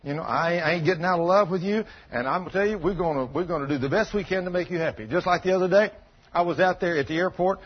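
A man's voice: high voice, quick pace, slightly rough. A man preaching a sermon in a folksy storytelling way, acting out both sides of a conversation. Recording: dull lo-fi recording.

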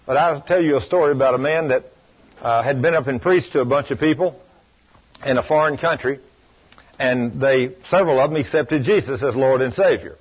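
Male preacher, husky voice, emphatic sermon storytelling, dull lo-fi recording. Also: medium pitch, brisk. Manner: emphatic storytelling, rhetorical questions.

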